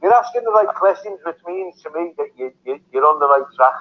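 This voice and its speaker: Scouse guy, kinda high voice, bouncing all over, talks in loops, muffled stream sound. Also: fairly quick, crowd noise. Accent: Liverpool. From Liverpool, England. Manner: animated, repeats his points for emphasis. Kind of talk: casual livestream chat.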